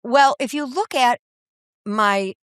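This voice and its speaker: High-voiced lively woman comedian telling stories. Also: slow pace, no echo, studio quality. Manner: animated comic storyteller, acts out voices. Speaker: guest, author and comedian. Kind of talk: storytelling in a podcast interview. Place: podcast studio.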